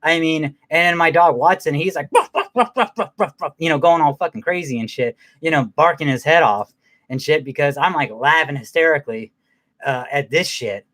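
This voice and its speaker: Rambling man with a fairly high voice. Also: normal speed, a bit bright. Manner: rambling, with many fillers, restarts and laughs. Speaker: movie reviewer. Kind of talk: casual, profane movie recap.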